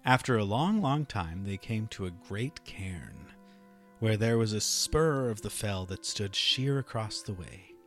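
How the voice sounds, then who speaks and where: A man reading a fairy tale aloud, expressive and dramatic. His voice is gravelly, with faint music underneath. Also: lowish voice, measured pace. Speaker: storyteller.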